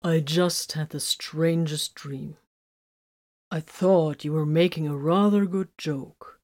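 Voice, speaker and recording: A woman's voice: low-pitched, fairly even intonation, takes it slowly, darkish tone. A woman voicing a wounded male soldier with a dry, drowsy delivery, in a storybook reading.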